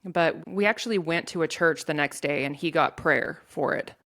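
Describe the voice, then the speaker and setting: A woman telling a painful personal story in an interview, in a halting way with many restarts. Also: sits low, fairly bright tone. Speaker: guest sharing her story.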